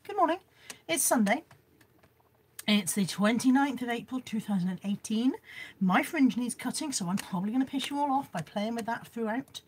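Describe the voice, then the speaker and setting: A hoarse, froggy-voiced woman hosting a casual live stream, chatty and self-mocking as she greets viewers by name. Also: on the high side, animated, normal speed, a little hiss or hum. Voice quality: husky, slightly froggy voice. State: hoarse from a cold. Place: indoors at home.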